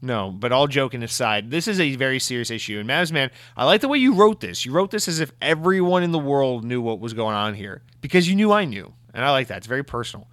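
Speaking fast with hardly any pauses, a medium-pitched man answers listener mail on his show in a clean, dry studio recording. His commentary is a casual, animated rant full of swearing, exasperation, and mocking impressions.

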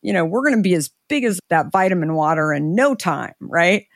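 A middle-aged woman, an interview guest, telling a story in a conversational way, animated and acting out the dialogue she quotes. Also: fairly low pitch, brisk, no echo, clean studio sound.

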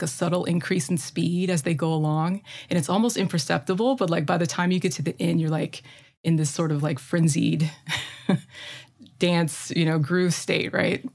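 Midwestern woman co-host, lower register, eager and talkative. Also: darkish tone. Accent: Midwestern American. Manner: enthusiastic, chatty, many fillers. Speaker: podcast co-host. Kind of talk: casual music chat.

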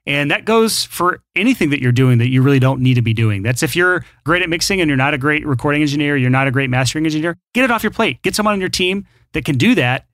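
A man's voice: a little high, expressive, quick pace, hardly any pauses, a bit bright, no echo, studio quality. A man hosting a podcast, giving upbeat advice in casual chat. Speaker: podcast host.

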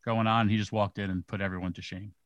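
A man's voice: fairly low pitch, little pitch movement, fast talker, a bit bright, no echo, lo-fi sound. A man and former wrestler earnestly recounting a match in a casual chat. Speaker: podcast co-host, former wrestler.

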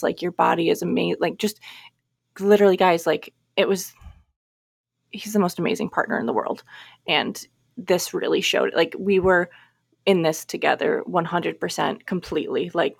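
A woman's voice: fairly low pitch, gravelly, husky, no echo, clean studio sound. A young woman hosting a podcast alone at home, telling a personal story in a chatty, candid way with lots of "like" and restarts. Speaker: podcast host. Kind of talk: casual solo podcast storytelling. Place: home, new baby asleep on her chest.

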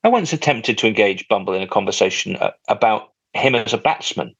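A man's voice: lowish voice, animated, brisk, husky, no echo, dull audio. A man hosting a casual podcast, reading out listener letters with a jokey, teasing manner. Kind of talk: casual chat.

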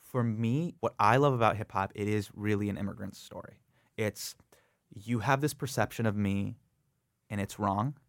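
A man's voice: on the low side, normal speed, no echo. A man from the United States, a comedian guest in a studio interview, telling stories and acting out other people's lines. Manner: animated storyteller who acts out other people's lines. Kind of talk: conversational interview. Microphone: studio microphone.

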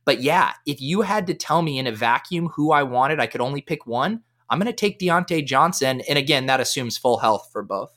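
A man giving fantasy football analysis as a guest in a casual podcast chat, talking with energy. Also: medium pitch. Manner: energetic, fast-flowing analysis.

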